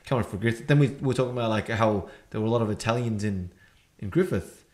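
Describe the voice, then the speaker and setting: An Australian man hosting a casual podcast, telling stories excitedly with many restarts. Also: on the low side, fast. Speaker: podcast host. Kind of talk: casual chat.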